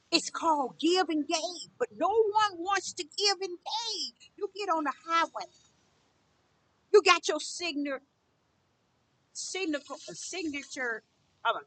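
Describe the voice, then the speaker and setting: A woman's voice: high voice, bright, forceful tone, dry recording. A middle-aged woman preaching a spiritual monologue, emphatic and repetitive, testifying at length. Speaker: spiritual teacher.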